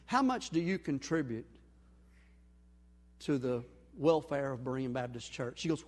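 A male pastor preaching a sermon, telling a story and acting out the dialogue, swinging between loud and quiet. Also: medium pitch, animated, unhurried, long pauses. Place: church sanctuary. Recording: long hall reverb.

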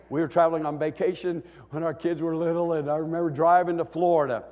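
A middle-aged man preaching a sermon, animated and emotional, swinging from hushed lines to shouts with joking asides. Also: fairly high pitch, quick pace, few pauses. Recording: echoey church hall.

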